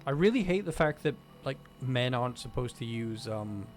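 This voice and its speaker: A man's voice: medium pitch, animated, moderate pace, soft background music. A man on a stream, chatting casually and ranting wryly about everyday gripes. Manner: ranting, wry. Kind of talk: casual chat.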